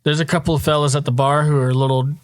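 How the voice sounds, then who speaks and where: A man's voice: fairly high pitch, level tone, rapid-fire, dry recording. Game master guy, easygoing narration, dry close sound.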